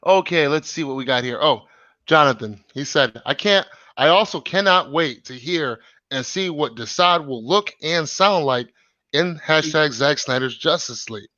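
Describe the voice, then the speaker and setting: Male host on a live stream: a bright, dry, lo-fi voice, rambling with lots of fillers. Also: fairly high pitch, expressive, moderate pace, no room sound. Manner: rambling, many fillers and restarts. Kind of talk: casual chat reading comments.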